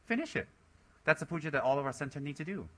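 A man's voice: a little high, fairly even intonation, racing. A man, a Buddhist teacher, giving a dharma talk to his center's members, exhorting and scolding them and mocking their excuses in put-on voices.

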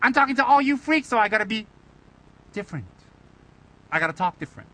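High, bright-voiced playful Buddhist teacher. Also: male voice, animated, quick pace, low-quality recording. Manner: playful, teasing, rhetorical questions. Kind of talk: Dharma talk.

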